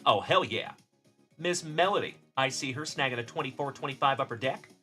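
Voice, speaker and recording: A middle-aged man from South Texas hosts a casual card-breaking livestream, upbeat and chatty as he greets viewers by name. His medium-pitched voice is pushed and bright, his pace brisk, with faint music in the background.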